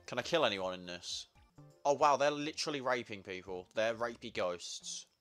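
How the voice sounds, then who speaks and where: A man's voice: mid-range voice, expressive, normal speed, a bit bright, faint music behind. A young man giving crude, sarcastic, swear-heavy commentary while playing a party video game. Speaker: gamer. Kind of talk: let's play commentary.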